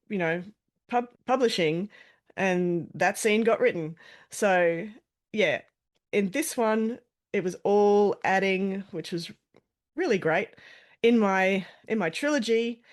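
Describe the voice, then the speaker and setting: A woman guest author talking casually in an interview, explaining things in a chatty way with frequent restarts and self-corrections. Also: medium pitch.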